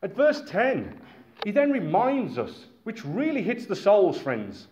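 Animated British preacher in an echoey hall. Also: male voice, high voice, takes it slowly. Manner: animated, conversational preaching with asides. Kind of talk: sermon. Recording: echoey, dull-sounding hall recording.

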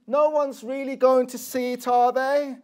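High-voiced preacher, slow and earnest. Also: male voice, little pitch movement, a little mellow. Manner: earnest, rhetorical questions to the congregation. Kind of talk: sermon.

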